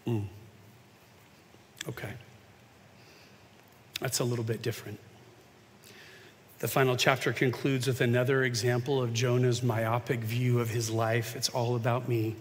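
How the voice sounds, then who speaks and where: A man preaching a sermon in a conversational way, moving from hushed asides to emphatic points. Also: mid-range voice, flat delivery, measured pace, pauses often. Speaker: pastor. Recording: long reverb of a large hall.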